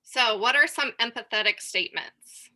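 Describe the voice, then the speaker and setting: A woman's voice: a little high, lively intonation, normal speed, pushed and bright. A woman, a mother, giving a casual talk to parents, chatty with filler words. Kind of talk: casual presentation.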